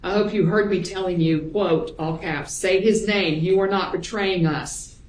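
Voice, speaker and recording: A woman prosecutor examining a witness in court, reading emails aloud in a measured, plain way. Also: on the low side, darkish tone. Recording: roomy courtroom audio.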